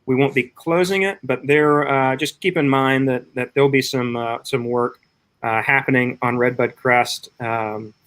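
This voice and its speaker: Halting man giving a club update. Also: mid-range voice, steady tone, a bit bright. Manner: halting, filler-heavy delivery. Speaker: trail club staff host. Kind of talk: casual club meeting update. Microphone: video call.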